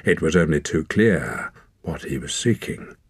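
A man reading a story aloud as audiobook narrator, in measured, even scripted narration. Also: a bass voice, husky, no room sound.

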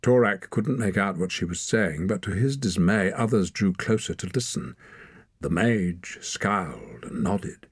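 A man's voice: deep voice, expressive, unhurried, slightly rough, no echo, studio quality. A man narrating a story as an audiobook reader, reading expressively. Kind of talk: scripted narration.

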